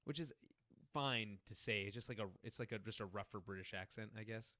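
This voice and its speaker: A man's voice: fairly low pitch, a little fast, pushed and bright, dry recording, studio quality. A man co-hosting a podcast, recapping a TV episode in casual chat, often laughing and acting out lines from scenes. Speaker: podcast co-host.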